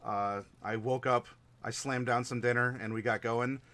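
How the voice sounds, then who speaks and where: A man's voice: medium pitch, steady tone, normal speed, fairly bright tone. A tired man running a tabletop game stream, wrapping up with lots of fillers and restarts. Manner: rambling, many fillers and restarts. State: tired, short on sleep. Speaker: game master.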